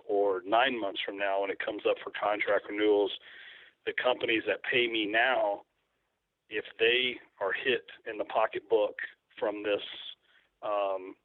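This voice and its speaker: A man with a lowish voice calls in to a talk show, rambling through his thoughts with lots of fillers and restarts. The sound is thin and phone-like, and dry, with no room around it. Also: no echo. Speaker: guest, hunting photographer. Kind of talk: casual interview over the phone. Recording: tinny phone line.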